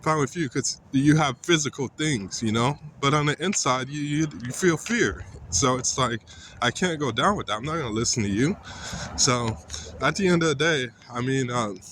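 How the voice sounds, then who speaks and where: A man's voice: mid-range voice, moderate pace, a bit bright. Frustrated young man venting outdoors. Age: young adult. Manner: frustrated, rambling, often says "you know" and "like". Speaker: vlogger. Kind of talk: casual venting monologue. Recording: clear outdoor street noise.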